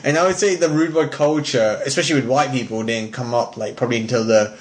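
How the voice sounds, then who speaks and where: A man's voice: mid-range voice, fast, slight background noise. A man with a British accent co-hosting a casual film podcast, laughing often and slipping into voices to quote comedy lines. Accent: British English. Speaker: podcast co-host.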